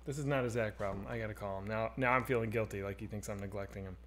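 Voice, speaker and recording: A man in his thirties hosting a casual live stream, joking and swearing as he reads chat, swinging between loud and quiet. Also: fairly low pitch, quick pace, hardly any pauses, a little hiss or hum. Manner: animated, swearing, jokey, swings loud and soft. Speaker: streamer host.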